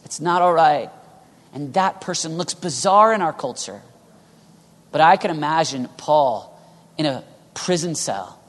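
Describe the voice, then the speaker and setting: A man preaching a sermon with passion, swinging between loud urging and hushed whispers. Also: on the high side, lively intonation, unhurried. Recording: long reverb of a large hall.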